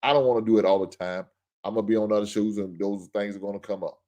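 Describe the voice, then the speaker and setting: Low-voiced man ranting as host. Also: steady tone, fast, dark tone. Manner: ranting, blunt, joking. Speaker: podcast host. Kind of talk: casual monologue.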